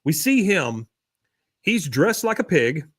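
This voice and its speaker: A man's voice: a little high, very animated, slow, a bit bright, husky, no room sound, studio quality. A man hosting a podcast, recapping a cartoon episode in a wry, chatty way. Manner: wry, chatty storytelling with fillers. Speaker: podcast host.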